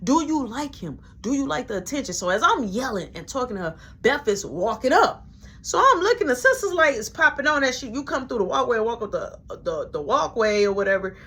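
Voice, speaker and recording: A woman spins a personal story in loose, slangy storytelling, animated and quick to act out everyone involved. Her voice sits a bit on the higher side. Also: slightly rough. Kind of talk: casual storytelling.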